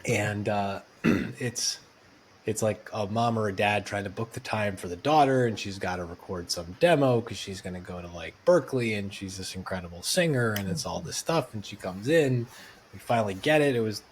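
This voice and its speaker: Man telling animated studio stories. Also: fairly low pitch, normal speed, slight background noise. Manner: animated storyteller, acting out quotes. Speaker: podcast guest, musician. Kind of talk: conversational storytelling.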